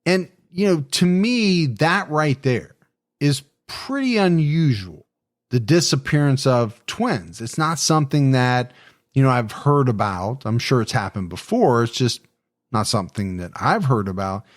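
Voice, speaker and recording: A man hosting a casual true crime podcast, talking in a relaxed, easygoing way. His voice sits at an ordinary middle pitch. He chats loosely with his co-host. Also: unhurried. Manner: relaxed, easygoing, laughs often.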